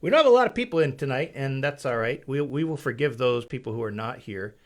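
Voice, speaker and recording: A man hosting a casual church live stream, chatty, with halting restarts and easy laughter. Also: mid-range voice, expressive. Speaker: church webcast host.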